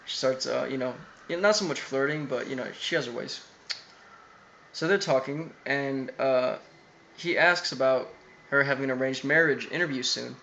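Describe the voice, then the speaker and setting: A man's voice: mid-range voice, normal speed, vocal fry, bright, forceful tone, lo-fi sound, a little hiss or hum. A man casually recapping an anime episode, rambling with lots of fillers and quoted asides.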